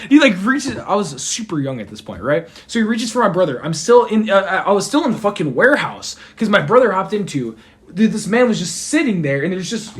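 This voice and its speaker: A young man guest on a podcast, telling a story in a loose, excitable way, swearing often and acting out the people he quotes. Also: sits high, normal speed. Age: young adult. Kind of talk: casual storytelling.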